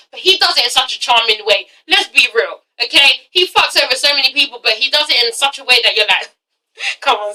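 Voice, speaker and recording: Girl ranting about tv, swears a lot, super bright high voice, mic kinda far off. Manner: blunt, profane, exasperated. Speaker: TV review vlogger. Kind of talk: casual ranting review.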